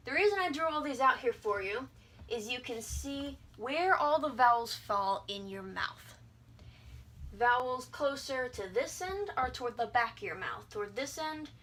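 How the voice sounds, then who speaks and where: A woman's voice: sits high, pushed and bright. A young adult woman giving a casual video lesson, breezy and irreverent, sounding out vowels and words as she explains. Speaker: language teacher.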